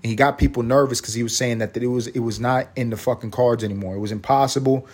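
A man's voice: mid-range voice, steady tone, quick pace. A man hosting his own podcast, ranting in a profane, sarcastic and rambling way. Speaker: podcast host. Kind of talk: casual rant.

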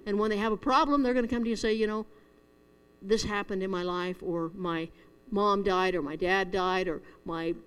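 A woman's voice: fairly high pitch, fairly bright tone. A middle-aged woman preaching a conversational sermon, earnest and storytelling, with chuckles at herself. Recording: echoey hall reverb.

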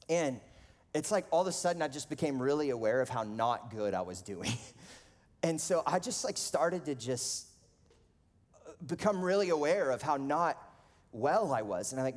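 A man in his thirties preaching a sermon in a casual, animated storytelling way, full of "like". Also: a little high, normal speed. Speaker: pastor. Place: church auditorium. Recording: long reverb of a large hall.

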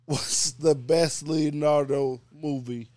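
Slow, laid-back man arguing films. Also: fairly high pitch, fairly even intonation, warm tone, dry recording, studio quality. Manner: laid-back, laughs often, defends his picks. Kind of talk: casual banter about movies.

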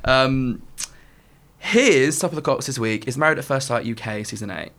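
A man with a gravelly, creaky voice chats as a podcast co-host. He talks in a gossipy way, laughs often and slips into quoted voices. His pitch sits in a middle range. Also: animated, moderate pace, fairly bright tone. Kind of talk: casual chat.

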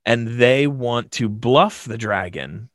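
A man recounts a tabletop game session in an animated, self-deprecating way, often restarting his sentences. His voice sits in an ordinary middle pitch. The sound is dry and close. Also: takes it slowly, no room sound. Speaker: game master. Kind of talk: casual storytelling in conversation.

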